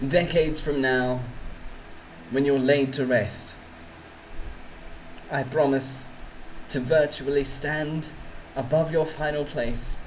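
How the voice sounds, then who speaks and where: A woman's voice: rumbling low, steady tone, takes it slowly, pauses often, darkish tone, slight background noise, poor audio. A woman VTuber streamer with a New Zealand accent, chatting with her viewers in a teasing, giggly, mock-dramatic way. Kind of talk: casual live-stream chat with viewers.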